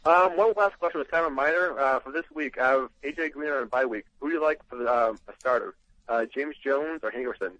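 A man calling in to a radio show with a quick yet hesitant delivery, stumbling over fillers. The phone line sounds dull and muffled. The sound is dry and close. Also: medium pitch, fairly bright tone, no echo. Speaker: caller. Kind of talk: phone-in call.

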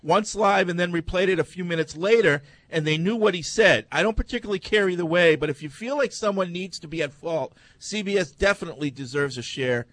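A man's voice: high-pitched, brisk, hardly any pauses, fairly bright tone. A man hosting a casual sports talk show, reading listener emails aloud between chat.

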